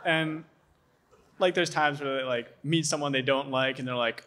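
A man's voice: mid-range voice, moderate pace, sharp tone, a little hiss or hum. A young male student asking a speaker a question at an audience microphone, hesitant and full of "like" fillers. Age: young adult.

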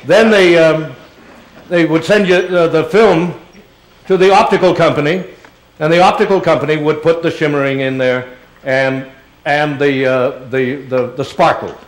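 Male guest speaker, slightly high voice, loose and rambling, answers a crowd's questions in an auditorium. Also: fairly even intonation, normal speed, low-quality recording. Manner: chatty, rambling, calls audience members dear. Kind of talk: talk and audience Q&A. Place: large auditorium.

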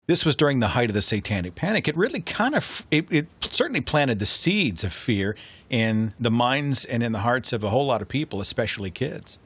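A man hosting a podcast in casual chat, animated and sardonic, speaking close to a studio mic. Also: mid-range voice, brisk, slightly rough, no echo. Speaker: podcast host.

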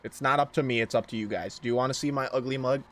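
Talking fast with fairly even intonation, a man with a medium, slightly bright voice commentates his car game stream. He swears a lot, jokes around, and keeps addressing his viewers.

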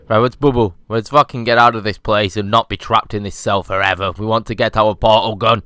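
A man's voice: lowish voice, a little fast, pushed and bright, clean tone, dry recording. A young man doing casual, sweary let's-play commentary as a gaming YouTuber. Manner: sweary, cheeky, chatty.

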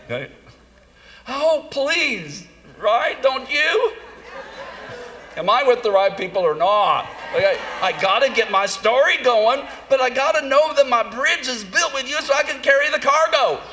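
A man telling a humorous, self-mocking story in a sermon, animated and jumping into high voices for comic asides. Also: moderate pace, hardly any pauses. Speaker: conference speaker. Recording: long hall reverb, faint room noise.

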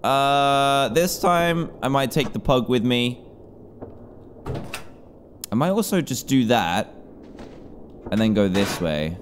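A young man commentating a horror game as he plays, jumpy and quick to panic at the scares. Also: mid-range voice, animated, slight background noise. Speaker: gaming YouTuber.

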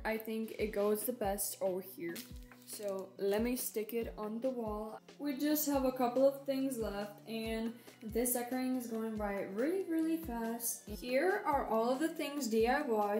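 A teenage girl talks to her viewers from her bedroom in a casual, upbeat way, eager to show off each thing she has. Her voice sits a bit high. The room adds a noticeable echo. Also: dark tone. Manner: chatty and upbeat, showing off decorations. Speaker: vlogger. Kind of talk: casual vlog narration.

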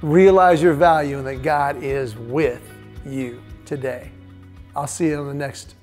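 A middle-aged man hosting a short devotional segment. He tells a family story, acting out the dialogue in lively voices, and drops to a soft, hushed tone for the reflective parts. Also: on the high side, measured pace, soft background music.

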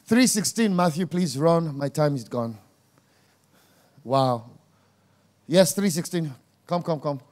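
A man preaching a sermon, emphatic and jabbing, dropping to quiet asides and rising to loud exclamations. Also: on the high side, lively intonation, takes it slowly, pauses often.

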